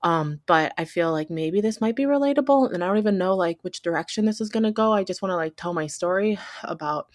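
A woman in her thirties tells a story from her own life in a low, dry-sounding voice. She rambles and restarts, peppering every thought with "like" and "you know". She stays candid and close to tears. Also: animated, fast, few pauses, dry recording. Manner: rambling, heavy use of filler words like "like" and "you know"; emotional and candid. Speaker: podcast host. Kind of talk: casual personal storytelling.

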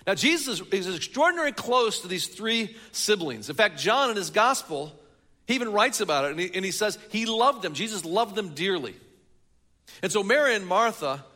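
A man's voice: high-pitched, sing-song, fairly quick, sharp tone. A man preaching a sermon in a church hall, telling a story and building it with rhetorical questions. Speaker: pastor.

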